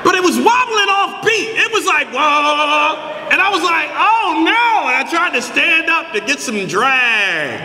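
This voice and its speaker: A middle-aged male pastor preaching a sermon, telling stories with bursts of shouting. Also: extremely high pitch, a little slow, few pauses, slight background noise. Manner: animated storytelling, shouting for emphasis. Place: large church hall. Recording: echoey church hall.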